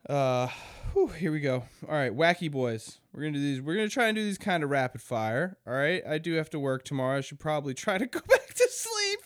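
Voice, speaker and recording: A man's voice: on the high side, expressive, quick pace, hardly any pauses, clean tone, no echo, clean studio sound. A young man hosting a podcast alone, rambling casually with crude jokes and frequent laughter. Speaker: podcast host. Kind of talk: casual solo podcast chat.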